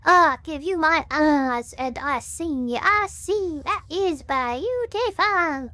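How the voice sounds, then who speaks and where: A man doing a booming Southern cult preacher through a voice changer. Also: lively intonation, pushed and bright, no room sound, exaggerated voice. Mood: fervent. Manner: slow, booming sermon delivery.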